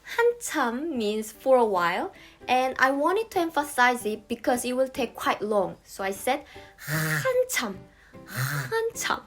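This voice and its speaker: A woman's voice: high voice, very animated, moderate pace, soft background music. A young Korean woman with a Korean accent, teaching a casual language lesson and playfully acting out short examples.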